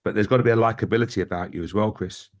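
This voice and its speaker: A man, a football manager, telling lively stories in an interview and often addressing the host by name. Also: on the low side, racing. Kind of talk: anecdotal interview storytelling.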